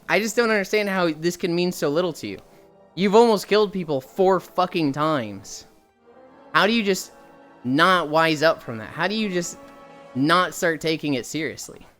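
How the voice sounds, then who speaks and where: A woman streamer telling a casual story while walking, lively and swearing, putting on higher voices when she quotes people. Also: normal speed, faint music behind.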